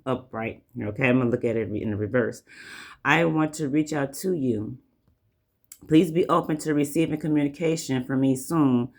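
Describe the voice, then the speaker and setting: Southern man, tarot reader, casual rambling delivery, mid-range voice, drawls out the card messages slowly. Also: mid-range voice. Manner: rambling, repeats "like I said" and "you know". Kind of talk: casual tarot reading to camera.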